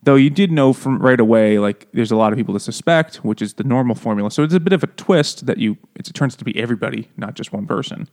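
A man's voice: medium pitch, lively intonation, fast talker, few pauses, a little mellow. Laughing, sarcastic male podcast co-host. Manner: joking, laughing often, sarcastic asides. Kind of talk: casual chat.

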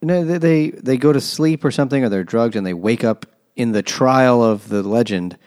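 A man's voice: mid-range voice, normal speed, a little mellow, no echo. A man on a comedy podcast, tossing in dry, sarcastic quips about a bad book. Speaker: podcast co-host. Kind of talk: casual comedic chat.

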